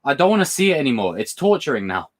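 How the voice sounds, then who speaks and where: A man's voice: mid-range voice, big pitch swings, fast. A British man hosting a livestream, chatting casually and rambling between topics as he reads viewer comments. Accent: British English. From Britain. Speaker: livestream host.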